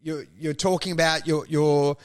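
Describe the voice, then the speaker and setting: A man co-hosting a comedy podcast, talking in a rambling, animated way, swearing and acting out mocking quotes. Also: fairly high pitch, moderate pace. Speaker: podcast co-host. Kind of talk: casual comedic chat.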